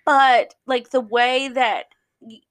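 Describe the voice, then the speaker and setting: A woman's voice: high voice, fairly even intonation, slow pace, fairly bright tone. A woman co-hosting a podcast in casual chat, enthusiastic and giggly, swearing casually. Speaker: podcast co-host.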